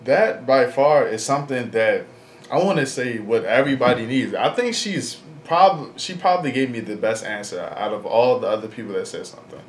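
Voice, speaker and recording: A man's voice: mid-range voice, animated, normal speed. Slangy young man rambling in an echoey room. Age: 20s. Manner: slangy, filler-heavy, frank. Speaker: vlogger. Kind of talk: casual rambling vlog. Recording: echoey room, faint background noise.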